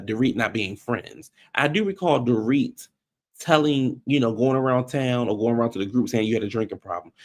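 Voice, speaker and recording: A man giving casual, blunt recap commentary on a reality show, animated and slangy. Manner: animated, acts out quotes in high voices.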